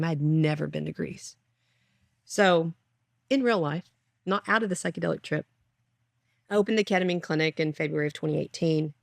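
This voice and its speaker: Woman, clinic founder, animated storyteller, lower pitch, dry sound. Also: no room sound. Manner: animated storyteller, acts out voices. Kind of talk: personal storytelling.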